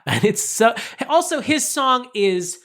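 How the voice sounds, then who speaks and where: A co-host in their thirties chatting casually about a movie, animated and jokey. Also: medium pitch, takes it slowly. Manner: animated, jokey, quotes lines in silly voices. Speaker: podcast co-host. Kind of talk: casual movie-review chat.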